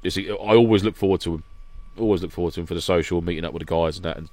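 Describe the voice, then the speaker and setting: A man's voice: deep voice, very fast, dry recording. A man telling stories in casual chat as a podcast guest, acting out what people said. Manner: animated storytelling, acting out quotes.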